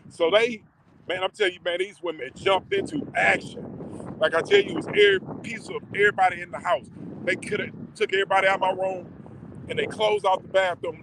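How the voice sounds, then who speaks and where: Man, personal storytelling vlog, slangy, emotional, drawn-out delivery, fairly high voice. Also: fairly bright tone, a little hiss or hum, rough recording.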